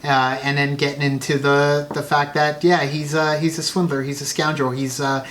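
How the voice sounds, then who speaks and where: A man's voice: fairly high pitch, little pitch movement, moderate pace, fairly bright tone, slight background noise. Man steering a casual film chat. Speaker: podcast co-host.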